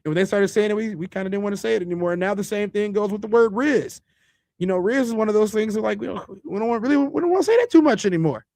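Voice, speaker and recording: A man's voice: high-pitched, rapid-fire, creaky, darkish tone, no echo. A man with a Chicago accent hosting a podcast, talking loosely and conversationally with frequent restarts. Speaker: podcast host. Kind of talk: casual monologue.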